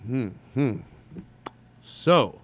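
A vlogger with a medium-pitched, animated voice talks very slowly, his tone fairly bright with a breathy edge. He rambles through a casual solo monologue to his viewers, wandering off on tangents, swearing casually and using lots of fillers.

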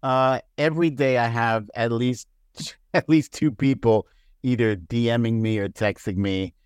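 A man chatting casually as a podcast guest, laughing often and jumping into high mocking voices. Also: fairly even intonation, unhurried, a little mellow, clean tone, no echo, clean studio sound. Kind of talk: casual chat.

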